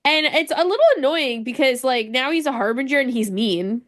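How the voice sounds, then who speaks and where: A woman co-hosting a podcast in casual chat, telling the story with lively acted-out asides. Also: high-pitched, fairly quick. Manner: animated storyteller, acts out quotes. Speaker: podcast co-host.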